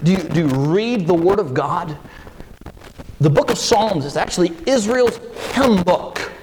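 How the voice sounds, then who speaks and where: A man preaching a sermon, reading scripture and talking in an animated, conversational way with sudden jumps in pitch. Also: a little slow, background noise. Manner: animated, with emphatic leaps in pitch; conversational asides and restarts.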